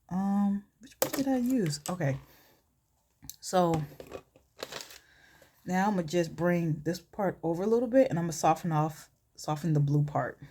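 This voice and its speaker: Woman vlogger, slightly low voice, chatty storytelling with asides during a makeup tutorial. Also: lively intonation, measured pace, mellow. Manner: chatty, filler-heavy, asides to herself while working.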